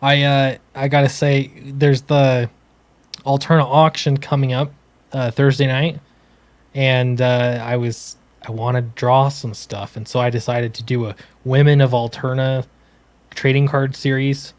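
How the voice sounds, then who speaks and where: A man who makes comics, co-hosting a casual livestream, easygoing and halting, with many fillers. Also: medium pitch, little pitch movement, dry recording. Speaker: comics creator and co-host.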